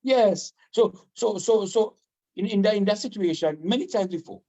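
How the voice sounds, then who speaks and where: A man with a Vincentian accent, from Saint Vincent, chatting casually as a guest, animated, proud and fast-talking. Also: high voice. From Saint Vincent and the Grenadines. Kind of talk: casual chat.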